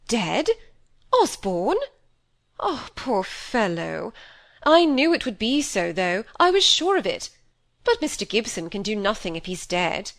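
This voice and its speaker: A woman voicing a fretful, self-absorbed middle-aged stepmother in an audiobook, speaking high and complaining. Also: big pitch swings, a little slow, a bit bright. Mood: lamenting.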